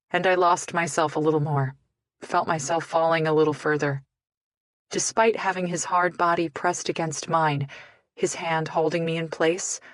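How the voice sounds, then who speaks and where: A woman's voice: deep voice, no echo, studio quality. A woman narrating a first-person romance audiobook in an emotional, intimate reading.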